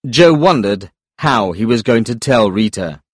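A man reading a story aloud in clear, deliberate audiobook narration. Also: lowish voice, animated, dry recording, studio quality.

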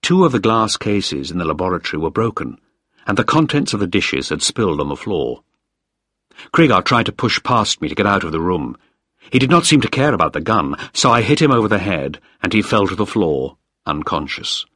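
Low husky guy reading a story, lively delivery, dry close sound. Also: a little fast, no room sound. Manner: expressive storytelling. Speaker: narrator. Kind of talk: scripted narration.

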